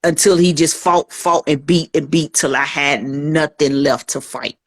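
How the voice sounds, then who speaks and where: A woman with a low, steady voice and a measured pace shares her life story as a podcast guest. Her earnest testimony includes acted-out voices for the people she quotes.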